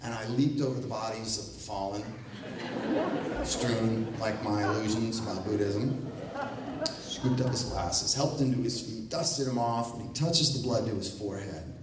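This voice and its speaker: Male storyteller for a live comic piece, lively delivery with wry asides, recorded from a distance in a very echoey room. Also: fairly low pitch, moderate pace, noisy background. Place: event room at a library.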